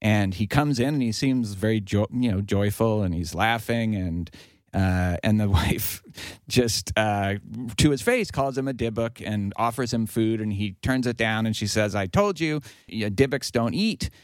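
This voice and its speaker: A man with a fairly low voice talks through a film's opening scene in a relaxed discussion, filling gaps with "uh" and "like." The sound is dry and close to the mic. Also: measured pace, dry recording. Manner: long retelling of a story with acted quotes, many fillers. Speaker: podcast panelist. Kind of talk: casual film discussion.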